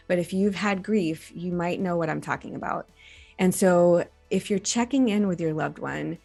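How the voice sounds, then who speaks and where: A woman doctor in her forties, giving an educational talk to camera in an earnest, gently instructive way. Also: fairly low pitch, creaky. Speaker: reproductive endocrinologist.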